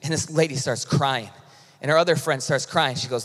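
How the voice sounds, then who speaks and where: Impassioned pastor preaching in an echoing hall. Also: male voice, medium pitch, moderate pace. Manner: impassioned, swings from loud to hushed; conversational with frequent restarts. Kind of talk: sermon. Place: church sanctuary. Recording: long reverb of a large hall.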